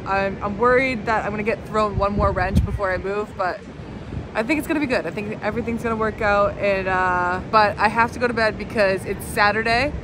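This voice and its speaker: A woman's voice: medium pitch, background noise. A young woman in her twenties talking casually to her phone camera in her apartment, candid and self-mocking, with lots of fillers. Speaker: vlogger. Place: her apartment in New York.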